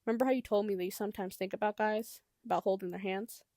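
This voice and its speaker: A woman reading as a shy teenage boy opening up, with soft, hesitant speech. A light gravelly texture runs through the voice, and it is recorded close and dry. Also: mid-range voice, steady tone, fast talker, no room sound, close to an everyday voice. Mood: tender.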